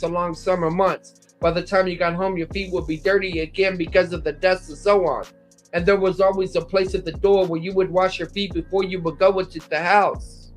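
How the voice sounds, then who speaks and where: A man giving an explanatory Bible lecture, citing verses and paragraphs and sometimes restarting words. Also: high voice. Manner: explanatory, cites verse numbers, occasional restarts. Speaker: Bible teacher. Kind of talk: lecture on scripture.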